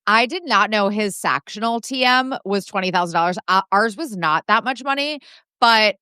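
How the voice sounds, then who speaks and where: Bright-voiced chatty woman. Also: mid-range voice, clean tone, dry recording, studio quality. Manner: chatty, quick asides, fond of "like". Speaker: podcast co-host guest. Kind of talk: casual pop culture chat.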